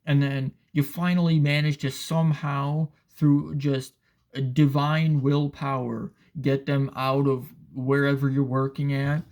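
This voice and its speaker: A man's voice: mid-range voice, little pitch movement, measured pace, darkish tone. A man giving a casual, profane, sarcastic rant as commentator, often asking "all right?".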